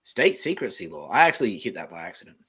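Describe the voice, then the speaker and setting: Man, Australian accent, husky, bright edge, low-ish voice, rambling solo podcast. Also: sing-song, fast. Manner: offhand, meandering, swears casually. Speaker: podcast host.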